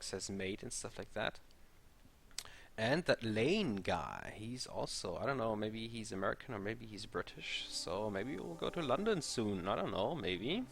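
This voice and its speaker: A man's voice: fairly low pitch, vocal fry, fairly bright tone. A man giving casual let's play commentary, rambling and hesitant.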